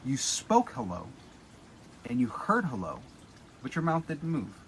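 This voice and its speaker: A man giving a casual spoken teaching, guiding the listener through an exercise and often dropping to a soft, low voice. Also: wildly swooping pitch, unhurried, slight background noise. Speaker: spiritual teacher.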